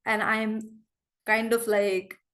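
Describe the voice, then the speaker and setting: A woman's voice: medium pitch, flat delivery, takes it slowly, a bit bright. A woman teaching English grammar over a video call, chatty and apologetic, feeling unwell. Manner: chatty, apologetic, repeats phrases. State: unwell, feverish. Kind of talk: online class teaching.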